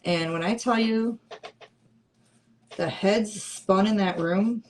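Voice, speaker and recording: A woman's voice: mid-range voice, takes it slowly, darkish tone, a little hiss or hum. A middle-aged woman hosting a crafting livestream, chatting casually and playfully with her viewers and answering their comments. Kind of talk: casual chat with live viewers.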